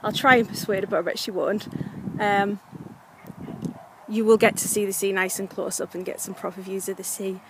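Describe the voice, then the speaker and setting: Walking her dog by the coast, a North East English vlogger chats to her camera, clearly frustrated and leaning on fillers. She speaks at a normal speed in a level, medium-pitched voice, with background noise around her. It's casual vlog narration.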